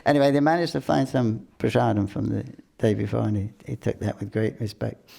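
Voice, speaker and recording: An older man casually telling devotional stories, halting often with restarts, throat clearing and chuckles. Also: fairly low pitch, fairly even intonation, warm tone. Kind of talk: casual storytelling talk.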